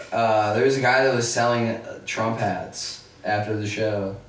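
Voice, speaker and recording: A man's voice: lowish voice, a bit bright, heavy reverb, recorded from a distance. A man co-hosting a comedy podcast in casual chat, rambling and laughing often.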